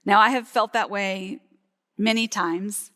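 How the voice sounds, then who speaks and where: A woman's voice: medium pitch, fairly even intonation, measured pace, pushed and bright. A woman pastor delivering a live Sunday sermon, teaching steadily and laughing lightly now and then. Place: church sanctuary, live service. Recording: long hall reverb from a church.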